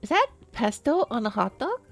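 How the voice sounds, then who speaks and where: A woman's voice: fairly high pitch, sing-song, moderate pace, gravelly, faint music behind. A woman streamer chatting casually on a live stream, rambling, giggling often and restarting her sentences.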